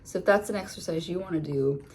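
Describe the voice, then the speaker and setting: A woman's voice: on the low side, fast, a little mellow. A woman giving a casual tarot reading, chatty and full of filler words. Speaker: tarot reader.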